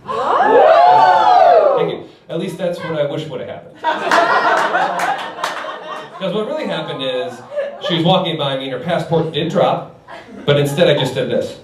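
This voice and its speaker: Animated male stand-up comic in echoey club. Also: a little high, moderate pace, long pauses, over a noisy crowd. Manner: animated storytelling, chuckling through punchlines. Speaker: stand-up comedian. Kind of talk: stand-up comedy set. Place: comedy club stage. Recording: echoey club from a distance, loud noise.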